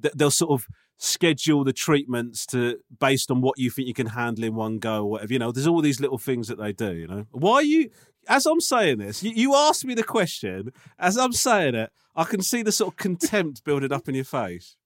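A man's voice: mid-range voice, big pitch swings, fairly quick, no echo, clean studio sound. A man co-hosting a casual podcast, telling a story, swearing and laughing often. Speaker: podcast co-host.

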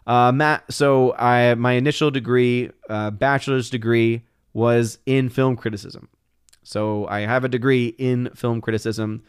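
A man's voice: mid-range voice, flat delivery, a little slow, smooth, dry recording, studio quality. A man hosting a casual livestream, reading viewer comments aloud and answering them with amused, chatty asides. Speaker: livestream host reading chat.

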